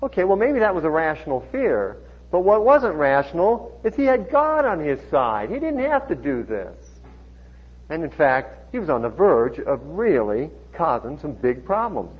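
A man delivers an expository sermon in a chatty, lively way, breaking off for small laughs and asides. His somewhat high voice is a little husky and swings widely in pitch. The recording sounds dull and lo-fi. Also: moderate pace. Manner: conversational, chuckling asides, animated when reading dialogue. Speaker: pastor. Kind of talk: sermon, expository Bible teaching.

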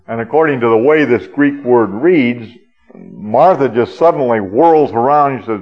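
A man's voice: mid-range voice, lively intonation, moderate pace, faint music behind. Earnest preacher man, lo-fi sermon. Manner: earnest teaching with many hesitations and "uh" fillers.

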